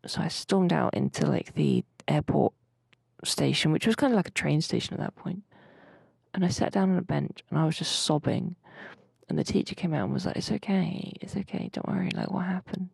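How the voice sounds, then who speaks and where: A young woman rambles through a story in casual podcast chat. Her voice is heavily gravelly and husky. The sound is close and dry. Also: low-pitched, lively intonation, brisk, a little mellow, no room sound. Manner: rambling, chatty storytelling with mild swearing. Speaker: podcast co-host. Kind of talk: casual chat, recounting a dream.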